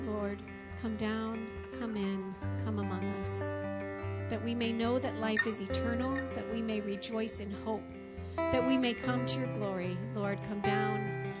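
Woman reciting slow prayer over guitar. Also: medium pitch, steady tone. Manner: slow, measured, reverent. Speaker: worship leader. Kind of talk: recited liturgical prayer and blessing. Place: church service. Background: live guitar.

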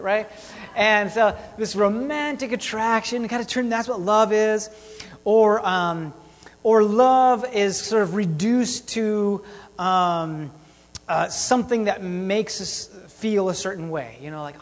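A pastor with a high voice preaches slowly in a casual, chatty sermon, bantering with his congregation. Long hall reverb colors the recording.

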